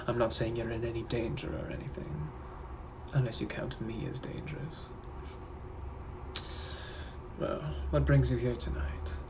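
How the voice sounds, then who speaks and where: A man voicing a suave, menacing 1800s British gentleman with a British accent, who drawls and flirts in a breathy, often whispered voice for comedic POV role-play. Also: mid-range voice, background noise, close to an everyday voice. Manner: flirtatious and softly threatening, drawling.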